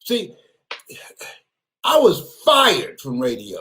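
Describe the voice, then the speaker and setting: High, animated, slow-talking motivational man. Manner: laughs a lot, repeats words, bursts into shouts. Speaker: motivational speaker.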